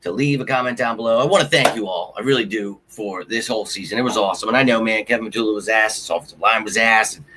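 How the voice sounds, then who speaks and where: A man's voice: lowish voice, fast talker, few pauses, sharp tone, a little hiss or hum. A man hosting a sports livestream, talking casually to his viewers, frustrated and ranting with some cursing. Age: adult with a child. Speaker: sports show host.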